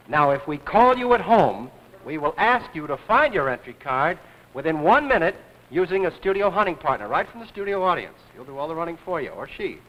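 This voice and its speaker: A man hosting a live 1950s television game show with brisk, excitable patter. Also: sits high, rough recording.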